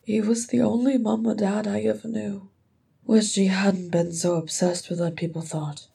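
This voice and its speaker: Woman doing Ori, a high tearful young dwarf. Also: level tone, normal speed, gravelly, dark tone, breathy edge, heavily acted. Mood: grieving.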